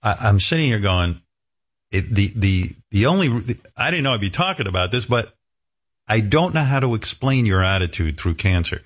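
A man's voice: fairly low pitch, breathy edge. A man in his sixties, a radio host, talking candidly and emotionally, rambling with many restarts. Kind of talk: candid talk-show conversation.

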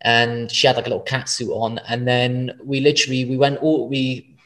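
A man in mid-range pitch, spinning a long personal anecdote as a podcast guest. He rambles, swears freely and keeps restarting his sentences. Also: flat delivery, normal speed, a bit bright. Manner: rambling, frequent swearing and self-corrections. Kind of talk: casual personal storytelling.

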